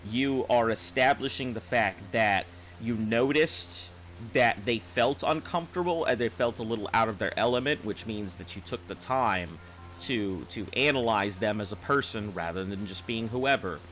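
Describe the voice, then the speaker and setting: Low-voiced man rambling on a stream. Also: expressive, normal speed, fairly bright tone, faint music behind. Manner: rambling, restarts phrases, reads chat comments aloud. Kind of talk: casual live-stream chat.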